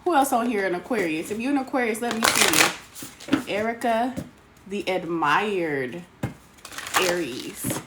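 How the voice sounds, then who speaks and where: A woman chats through a live tarot reading stream, greeting viewers by name. Her voice sits at an ordinary middle pitch. The home recording carries clear background noise. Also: lively intonation, unhurried, pauses often. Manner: chatty, greets viewers by name, calls them sweetheart. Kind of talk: casual live-stream chat.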